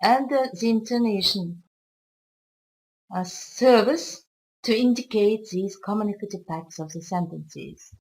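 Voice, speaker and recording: A woman with a Kazakh accent teaches a recorded English lesson at a measured, careful pace. Her first language is Kazakh, and her pitch sits in a middle range. She explains each term steadily and now and then restarts a phrase. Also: darkish tone, low-quality recording. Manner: slow, careful explanatory delivery with occasional restarts. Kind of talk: recorded video lesson lecture.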